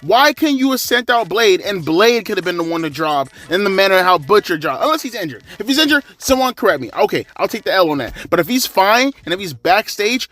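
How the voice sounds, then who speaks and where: A man reviewing a wrestling show in a ranting commentary, profane and exasperated, dropping to weary mutters then jumping to loud yells. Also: sits high, big pitch swings, a little fast, hardly any pauses, faint music behind.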